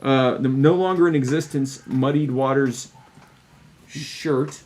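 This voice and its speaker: Casting: male co-host, mid-pitched, deadpan humor, casual live chat. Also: takes it slowly. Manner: dry, jokey, deadpan. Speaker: podcast co-host.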